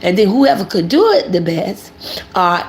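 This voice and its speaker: Lively older woman with a gravelly voice. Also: mid-range voice, moderate pace. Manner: animated, preachy, talks about herself in third person. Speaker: commentary channel host. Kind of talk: casual livestream commentary.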